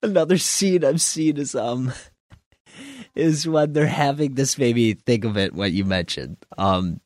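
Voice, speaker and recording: A man co-hosting a podcast in casual chat, telling stories haltingly and laughing mid-sentence. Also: medium pitch, darkish tone, no echo. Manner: slow, halting storyteller who keeps laughing mid-sentence. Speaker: podcast co-host.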